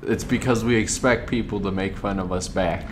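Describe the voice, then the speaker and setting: A man's voice: on the low side, normal speed, noisy background. A young man chatting casually with friends while playing a video game, teasing in a laid-back way, with game music behind him. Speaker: gamer streaming with friends. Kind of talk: casual gaming chat.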